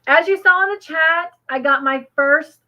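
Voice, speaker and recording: A woman's voice: very high-pitched, moderate pace, muffled recording. A woman, co-hosting a casual crochet livestream, rambling earnestly with many fillers and restarts. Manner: earnest and grateful.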